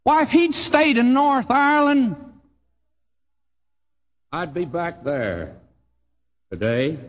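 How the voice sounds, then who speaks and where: An older man with a Texan accent preaching a sermon in a folksy, emphatic way, his voice swooping high on key phrases and dropping low. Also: expressive, slow pace, big-room sound, dull audio. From Texas. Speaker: pastor.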